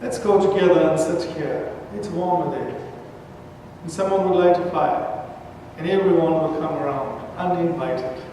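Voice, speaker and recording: A man's voice: a little high, darkish tone, a little hiss or hum. A male pastor delivering a sermon in a church, telling stories from the streets and acting out the voices in them. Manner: storytelling, acts out street voices in quotes. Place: large church sanctuary. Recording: echoey church hall, mic from far off.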